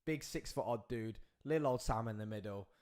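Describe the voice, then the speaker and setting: Here a man hosting a podcast spins an excitable, animated tale, talking a little fast. As he acts out the scenes, his voice leaps in pitch and volume.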